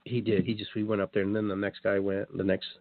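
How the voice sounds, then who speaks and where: A man hosting a show, telling a story in a casual, animated way, acting out what people said and swearing now and then. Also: on the low side, quick pace, no room sound. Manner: animated, acts out quotes, swears. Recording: dry tinny phone-like line.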